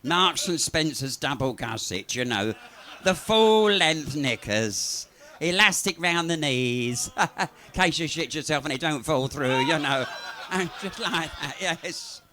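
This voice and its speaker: A man's voice: on the high side, expressive, slow, crowd noise. Crude stand-up guy at a pub gig, chatty, swears a lot, voice jumps all over. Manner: bawdy, chatty, swears freely. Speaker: comedian and cabaret entertainer. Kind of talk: live stand-up storytelling. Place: pub venue, live audience.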